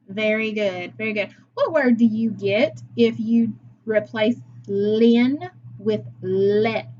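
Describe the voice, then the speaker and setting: A woman's voice: on the high side, lo-fi sound, a little hiss or hum. A woman teacher leading a phonics lesson for young children, patient and praising as she sounds words out.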